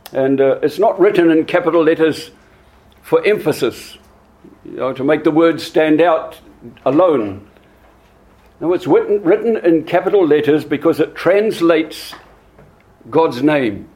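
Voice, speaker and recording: Male preacher, unhurried, repeats words as he goes, slightly raised pitch. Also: dark tone. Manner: slow and deliberate, with frequent repeated words. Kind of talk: sermon.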